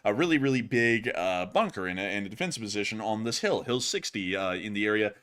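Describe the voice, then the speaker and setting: A man hosting a casual live stream, rambling and animated with frequent fillers. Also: fairly low pitch, fast, clean tone. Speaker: host of war news stream.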